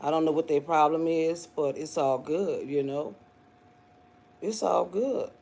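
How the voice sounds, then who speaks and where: A man with a drawl hosting a casual livestream, his voice pitched a little high. He rambles along easily, padding every thought with fillers and calling his viewers pet names. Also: gravelly, darkish tone. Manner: chatty, drawn-out, loaded with fillers and pet names. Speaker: livestream host.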